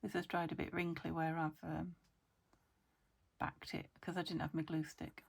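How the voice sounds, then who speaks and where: Gravelly woman chatting while crafting. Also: low-pitched, level tone, normal speed. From United Kingdom. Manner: chatty, thinking aloud, often drops to a whisper. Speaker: junk journal crafter. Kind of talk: casual crafting chat.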